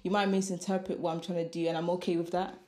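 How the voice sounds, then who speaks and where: A woman's voice: fairly low pitch, flat delivery, quick pace, a little mellow. A woman in her twenties co-hosting a podcast, chatting frankly and teasingly while she thinks aloud. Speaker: podcast co-host. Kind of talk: casual chat. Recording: echoey room.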